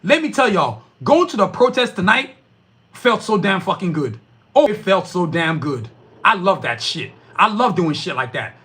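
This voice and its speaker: A man's voice: high-pitched, big pitch swings, moderate pace, sharp tone. A man hosting a podcast, giving a heated, profane political rant while answering live chat. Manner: profane, fired-up, emphatic.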